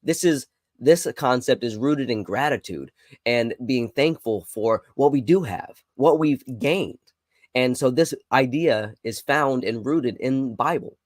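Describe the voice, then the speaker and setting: An earnest man at a middle pitch delivers a short devotional podcast. He encourages his listeners and leans hard on the words he wants them to notice. His voice is close to the mic in a dry room. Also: animated, unhurried, dry recording. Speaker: podcast host.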